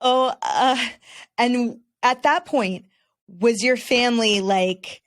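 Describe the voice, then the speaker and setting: A woman's voice: fairly high pitch, takes it slowly, dry recording, clean studio sound. Woman host asking long questions. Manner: asks long, winding questions. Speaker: podcast host. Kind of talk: interview questions.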